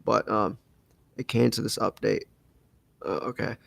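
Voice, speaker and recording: A man's voice: fairly low pitch, fairly even intonation, measured pace, creaky, a bit bright, poor audio. A young man hosting a casual livestream podcast, rambling with lots of fillers and restarts. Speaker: podcast host.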